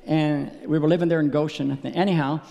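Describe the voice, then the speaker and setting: A middle-aged man preaches at a tent revival, his voice high for a man. He tells his stories with sound words and builds to loud, emotional peaks. The sound carries a long reverb from the large tent. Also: steady tone, fast talker, gravelly, lo-fi sound. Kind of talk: sermon.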